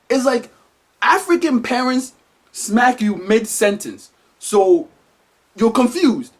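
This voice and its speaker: A man delivering an animated, emphatic comedic monologue as a vlogger. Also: very high-pitched, takes it slowly, long pauses.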